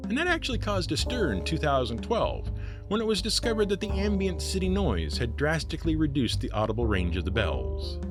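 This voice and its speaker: Lively wry male podcast narrator. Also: fairly high pitch, fairly quick. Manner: wry, sardonic asides. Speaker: host. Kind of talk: scripted narration. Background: music.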